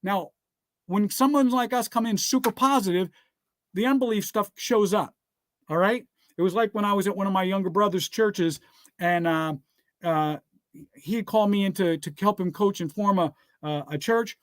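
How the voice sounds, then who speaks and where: A man's voice: high voice, normal speed, dry recording, studio quality. A man giving a motivational business talk laced with scripture, speaking emphatically like a preacher, throwing out rhetorical questions and urging listeners to write things down. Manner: repeats rhetorical "guess what?" and "all right?".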